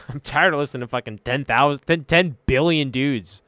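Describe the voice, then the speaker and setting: A man chatting casually as host, rambling and swearing as he muses, drifting between mumbles and loud rants. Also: a little high, normal speed, dry recording. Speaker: streamer host. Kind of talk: casual stoned-sounding philosophical chat.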